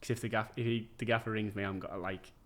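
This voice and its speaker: A man's voice: on the low side, fairly even intonation, fast, a bit bright. A man, telling stories as a podcast guest in a laid-back, sweary way. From England. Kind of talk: casual chat.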